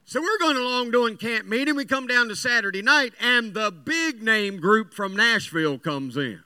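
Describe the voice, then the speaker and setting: A man's voice: extremely high pitch, animated, moderate pace, pushed and bright, clear, resonant tone, no room sound. A man from West Virginia preaching a sermon, telling folksy stories in an earnest, emphatic way.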